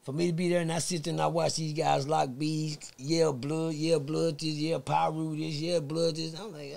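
A man from Texas with a gravelly, slightly high voice tells a story on a podcast at normal speed, barely pausing. As a guest he talks casually and profanely, animatedly acting out each person's voice.

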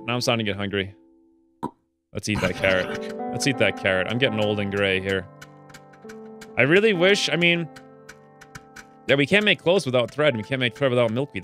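Excitable man narrating his gameplay. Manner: chatty, excitable, jumps to high pitch when delighted. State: stuffy nose. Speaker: let's play gamer. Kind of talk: casual gameplay commentary.

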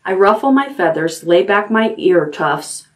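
A woman librarian reading a chapter book aloud at bedtime, unhurried and expressive. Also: mid-range voice, recorded from a distance.

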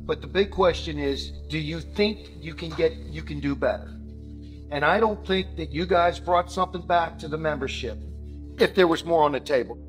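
A man's voice: on the high side, normal speed, soft background music. A man at a union meeting, asking pragmatic, probing questions about a deal. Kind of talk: meeting discussion.

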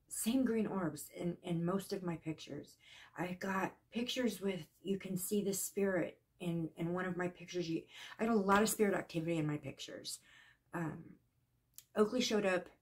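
Woman talking kinda low, earnest and emotional, stumbles and restarts a lot. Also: a little mellow. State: shaken, voice trembling at times. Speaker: psychic vlogger. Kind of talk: casual personal account.

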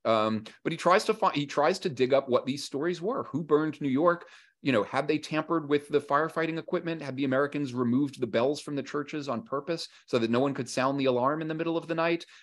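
A man's voice: a little high, brisk. A man being interviewed as a historian, talking casually and acting out what historical figures said, with frequent fillers and restarts. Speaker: historian and author guest. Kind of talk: conversational interview.

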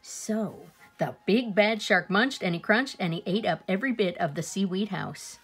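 A woman reading a children's picture book aloud, expressive, with small asides to her listeners. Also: mid-range voice, moderate pace, breathy edge, faint music behind. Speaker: storyteller.

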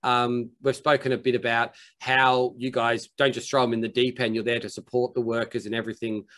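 A man's voice: mid-range voice, little pitch movement, a little fast, fairly bright tone, dry recording. A man with an Australian accent hosting a casual interview, chatty, calling his guest mate with plenty of ums. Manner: chatty, says mate a lot, many ums. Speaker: host.

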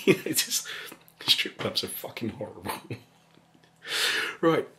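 A man telling a rambling story in a soft, casual way, laughing often and slipping into whispers. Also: lowish voice, expressive, slow pace. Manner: rambling and chuckling, drops into whispers. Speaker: ASMR channel host.

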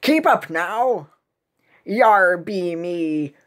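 A woman voicing a boastful male cookie pirate captain, drawling slowly with pirate arrs while reading game cutscenes. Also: fairly low pitch, expressive. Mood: swaggering. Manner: slow growling pirate talk with arrs.

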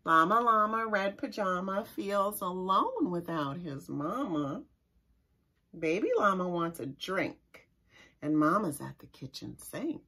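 Slow, bright-voiced woman reading a children's story. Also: fairly low pitch, slightly rough. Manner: expressive and sing-song, pausing to explain words to children. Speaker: children's librarian. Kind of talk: reading a picture book aloud to young children. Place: library story time recorded for online viewing.

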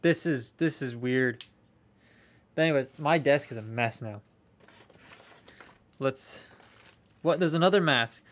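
A man's voice: mid-range voice, slow pace, pauses often. Chatty man unboxing toys live. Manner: rambling, chatty, swears freely, answers viewer comments. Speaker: toy collector streaming a live unboxing. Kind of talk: casual live-stream chat.

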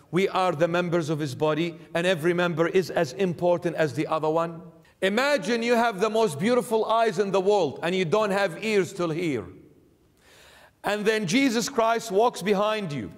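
A high-voiced man preaches an emphatic sermon, pressing his listeners with one rhetorical question after another. His words ring out with a long church reverb. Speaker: bishop preaching.

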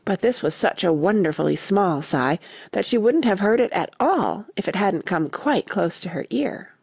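A woman reading a classic storybook aloud as an audiobook narrator, expressive and animated. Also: medium pitch, normal speed, slightly rough, no room sound, studio quality.

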